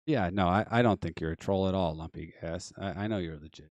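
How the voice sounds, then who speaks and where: A man hosting a casual live stream, reading the chat and joking easily with callers. His voice sits very low, and the sound is dry and close with no room echo. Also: brisk, a little mellow. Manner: laid-back, reads chat and banters with callers.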